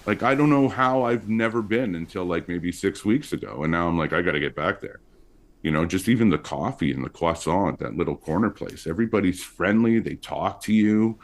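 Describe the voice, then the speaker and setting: A deep-voiced, chatty comedian from Montreal, Canada, appears as a guest in a casual interview. He talks a little fast and tells stories with lively swings in pitch.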